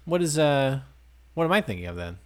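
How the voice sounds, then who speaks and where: A man's voice: mid-range voice, big pitch swings, brisk. A young man hosting a casual comedy podcast, playful and joking, slipping into goofy voices. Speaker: podcast host.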